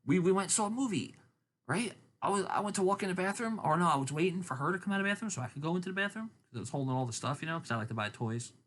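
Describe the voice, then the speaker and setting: Rambling storyteller man, lively pitch. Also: very fast, slight background noise. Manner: rambling, acts out quotes in high voices. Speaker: podcast host. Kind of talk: casual chat, storytelling.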